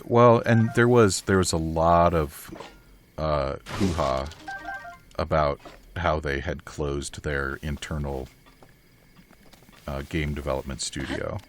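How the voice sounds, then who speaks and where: A let's play player chats casually while gaming, his very deep voice slow and dry, with frequent pauses and a matter-of-fact tone. Music plays in the background.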